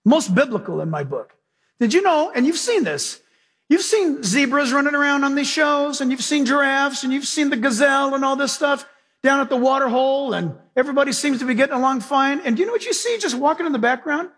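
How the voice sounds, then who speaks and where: A male pastor preaching an animated sermon, telling stories and acting out voices. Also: extremely high pitch, a little fast. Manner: animated, storytelling, acts out voices.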